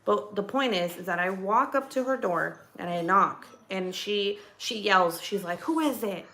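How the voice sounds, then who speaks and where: A woman's voice: mid-range voice, a little slow. A woman vlogger telling a gossipy story from home, casual and rambling, swearing often and restarting her sentences. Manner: profane, rambling, animated storytelling.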